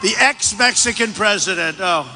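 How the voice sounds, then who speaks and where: A man gives a campaign rally speech in a big hall, repeating his points and bragging. His voice sits high and comes out sharp and tense. Long arena reverb trails every phrase over a faint background hiss. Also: normal speed. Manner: repetitive, emphatic, boastful, with shouted asides. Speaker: political candidate. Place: large indoor rally venue.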